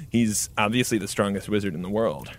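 A man's voice: fairly low pitch, big pitch swings, normal speed. A man reading his own parody fan fiction aloud in mock-dramatic style, adding sound effects. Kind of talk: comedic deadpan story reading.

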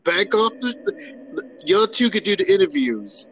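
A man's voice: high voice, very animated, a little slow, a bit bright, slightly rough, rough recording. A man co-hosting a podcast, chatting casually and laughing often. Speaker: podcast co-host. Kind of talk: casual banter.

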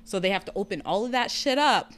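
Brief: smooth-voiced woman, blunt, swearing storyteller in casual chat. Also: medium pitch, quick pace, faint music behind. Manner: candid, profane, lively retelling.

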